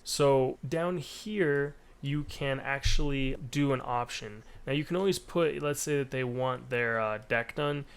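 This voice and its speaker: Gravelly man explaining a spreadsheet. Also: medium pitch. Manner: casual, explanatory, with frequent fillers. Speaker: painting estimator. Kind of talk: screen-recorded software walkthrough.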